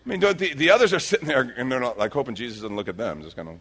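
Animated husky male pastor preaching. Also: very fast, hardly any pauses. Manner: animated, acts out quotes with big pitch swings. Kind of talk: sermon.

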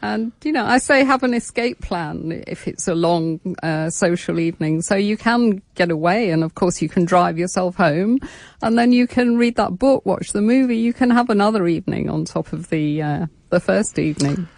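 Chatty woman guest, lower voice. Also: normal speed, gravelly, darkish tone, no room sound. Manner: chatty, encouraging, upbeat. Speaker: sobriety program founder, guest. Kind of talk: radio interview.

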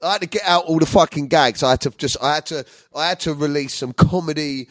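A man hosting his own podcast, talking in a crude, loud, jokey way that keeps breaking into laughter and shouts. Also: fairly high pitch, fast talker, dry recording. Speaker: podcast host. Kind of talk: comedic solo podcast chat.

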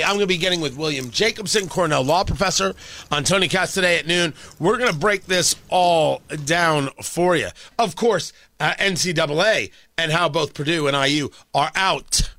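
A man's voice: high voice, sharp tone. A man hosting a radio talk show, delivering an emphatic, sarcastic opinion monologue and repeating phrases for effect. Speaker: radio host.

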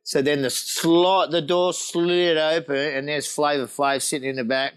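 An Australian man tells stories in a loose, laughing chat, voice sitting a touch high. He swears freely and acts out each quoted line with plenty of swing. The delivery is animated and rowdy. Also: unhurried, smooth, low-quality recording. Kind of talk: casual storytelling chat.

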